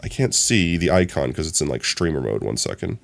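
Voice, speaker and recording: A young man chatting casually on his live stream, telling stories in an animated, rambling way full of fillers. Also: extremely low pitch, brisk, gravelly. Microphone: streaming from a phone.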